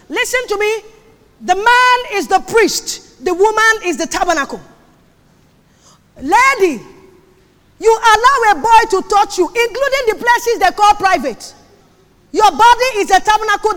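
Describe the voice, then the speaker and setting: A woman preaches with a very high voice, pressing her points by repeating them and now and then shouting. Her words ring out in a long reverb that fills a big hall. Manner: emphatic, repeats phrases, sudden shouts. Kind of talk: sermon on marriage.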